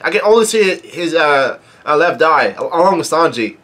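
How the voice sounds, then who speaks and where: Male reaction host, slightly raised pitch, unpolished and hesitant, casual read-through. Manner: halting, full of fillers and restarts; reads quoted dialogue flatly without acting.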